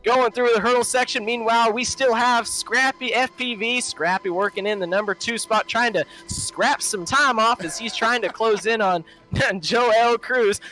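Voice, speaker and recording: A man's voice: extremely high pitch, bright, forceful tone, pitched above the performer's own voice, rough recording. A man voicing an over-the-top Southern male race announcer with a folksy, exaggerated drawl.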